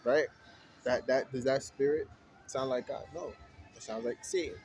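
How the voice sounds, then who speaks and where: A man hosting a Bible study, reading verses aloud slowly and then explaining them in casual street talk. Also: mid-range voice, a little mellow, faint music behind, poor audio.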